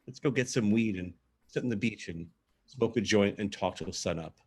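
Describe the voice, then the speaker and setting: A man's voice: lowish voice, normal speed, breathy edge. A man voicing a friendly, confident young male soldier who talks in an easygoing, persuasive way.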